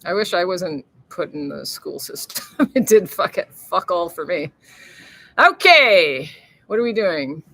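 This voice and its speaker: Bright-voiced lady rambling on her livestream, cursing and answering comments. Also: fairly low pitch, sing-song, measured pace, creaky, no room sound. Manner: chatty, swears freely, reads viewer comments aloud. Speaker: livestream host. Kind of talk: casual livestream chat.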